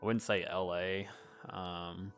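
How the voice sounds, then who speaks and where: A man's voice: deep voice, slow pace, dull audio, faint music behind. A man from North Alabama with a Southern accent, hosting a casual chat and laughing often. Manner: laughs often, animated swings of loudness. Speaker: podcast host, club owner.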